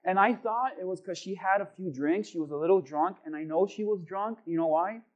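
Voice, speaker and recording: Pastor, male, high-pitched, animated storyteller; sermon with humor. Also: brisk, highs cut off. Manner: animated, acts out voices in anecdotes.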